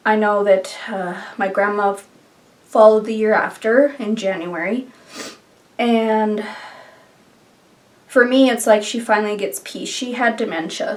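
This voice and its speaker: A woman talking in a heartfelt, halting way in a casual vlog, with many fillers. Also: medium pitch, distant mic. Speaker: beauty YouTuber.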